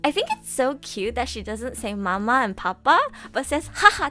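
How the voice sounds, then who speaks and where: A woman's voice: on the high side, sing-song, moderate pace, sharp tone. A young adult woman voice actress chatting casually on a live stream, bubbly and giggly, gushing with enthusiasm.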